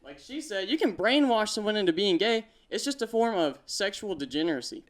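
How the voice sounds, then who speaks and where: Defensive, insistent young man about nineteen, crude podcast banter, high lively voice. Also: fairly quick, dry recording. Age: young adult. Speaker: podcast regular.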